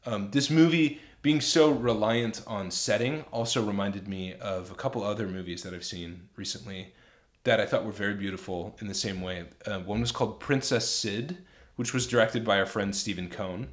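A young man with a somewhat low voice rambles through a casual film chat. He piles up fillers and restarts but stays keen. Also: normal speed. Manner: rambling, many fillers, enthusiastic. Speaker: podcast co-host, film reviewer.

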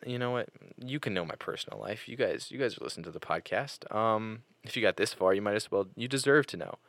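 A young man hosting a podcast, telling personal stories in casual chat, animated and full of fillers and restarts. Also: deep voice, no echo. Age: young adult. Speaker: podcast host.

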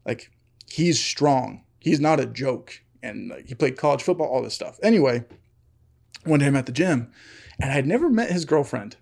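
A man's voice: medium pitch, expressive, normal speed, creaky, a little mellow. A young man telling a long story on a casual podcast chat, full of fillers, laughing often. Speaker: podcast co-host.

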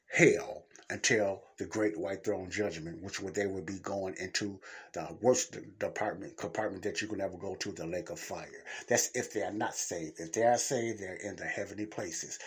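A man's voice: low voice, steady tone, normal speed, husky. A middle-aged man hosting a Christian podcast, preaching in a blunt, casual, colloquial way and repeating points for emphasis.

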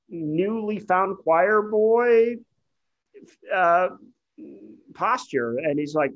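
A man co-hosting a podcast, a lawyer talking casually through a film, animated and sweary with long winding explanations. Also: sits high, very slow, long pauses, lo-fi sound. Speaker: podcast co-host.

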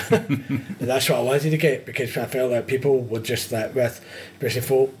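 A man's voice: mid-range voice, steady tone, normal speed, darkish tone, a little hiss or hum. Laid-back man, swears and laughs. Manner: swears freely, laughs often, acts out phone calls. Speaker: metalwork business owner, guest. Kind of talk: casual chat.

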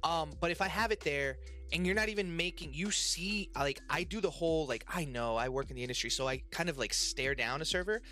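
Over soft background music, an American man co-hosting a podcast chats casually about his work as a restaurant server, rambling and restarting often. His voice is on the high side, brisk and sharp.

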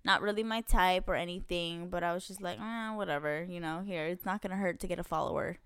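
A woman's voice: lowish voice, steady tone, quick pace, a bit bright, clear, resonant tone, no room sound, clean studio sound. A young woman co-hosting a podcast, telling a story in casual chat, swearing and laughing often. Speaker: podcast co-host.

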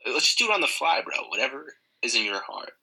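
Raspy, creaky-voiced comedy podcast co-host. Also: male voice, medium pitch, big pitch swings, quick pace, bright, forceful tone, low-quality recording. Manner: laid-back, jokey, says "dude" and "bro". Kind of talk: casual comedy podcast banter.

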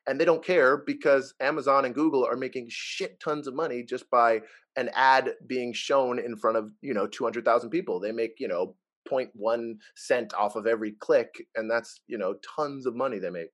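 A young man in casual chat, telling animated stories and acting out what people said, laughing often. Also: medium pitch, normal speed. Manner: animated storyteller, acts out quotes, laughs often.

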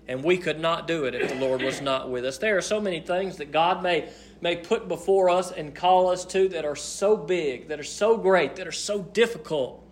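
A man preaching a sermon at a church service, emphatic, with repeated phrases and swings from loud to hushed. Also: a little high, moderate pace.

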